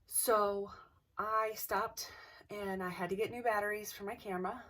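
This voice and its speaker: A woman's voice: medium pitch, steady tone, unhurried, fairly bright tone, recorded from a distance. A young woman casually telling a ghost story, hesitant, with many restarts and dips into near-whispers.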